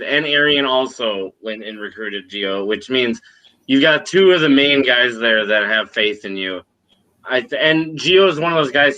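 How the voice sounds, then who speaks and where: A man co-hosting a podcast in casual chat over a video call, laid-back and joking, talking in quick bursts. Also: mid-range voice, bright, forceful tone, poor audio. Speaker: podcast co-host.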